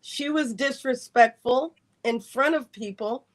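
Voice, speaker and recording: Woman, retired military officer, podcast guest, lively storyteller, somewhat high-pitched. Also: unhurried. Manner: animated storyteller, acts out quoted dialogue. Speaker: guest, retired Air Force colonel.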